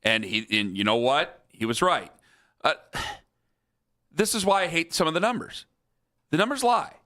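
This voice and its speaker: A male sports radio host with a bright, forceful voice that sits a little high. He talks fast in bursts and leans hard on his points, voicing other people as he tells a story. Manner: animated, emphatic, mimics others in quotes. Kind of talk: sports talk radio banter.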